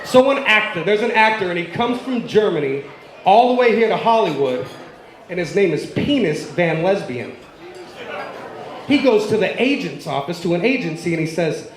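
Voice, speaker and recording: Male stand-up comic, high-pitched, rapid-fire joke teller, roomy club sound. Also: sing-song, a faint crowd. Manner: rapid-fire punchline delivery, ribbing the audience. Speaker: stand-up comedian.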